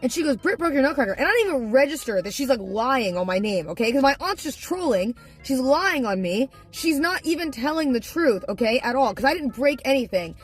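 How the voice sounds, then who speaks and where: A young woman streamer telling a family story casually to her viewers, animated, laughing and swearing freely. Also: high voice, breathy edge.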